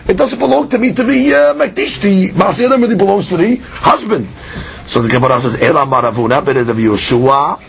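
A man with a high, breathy voice teaches a Talmud lecture. He reasons aloud through questions and answers, swinging his pitch and speed to stress each point.

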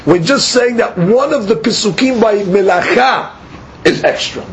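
A man with a notably high, light voice leads a study class lecture. He explains patiently, stopping to ask himself questions and then answer them. A faint hum of ambience sits under his voice. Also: lively intonation, unhurried. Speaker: teacher.

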